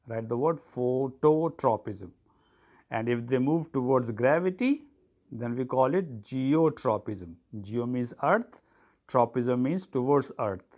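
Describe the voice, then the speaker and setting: A man's voice: mid-range voice, a little mellow, muffled recording. A man teaching an online biology lesson, dictating terms for students to write down and spelling them out.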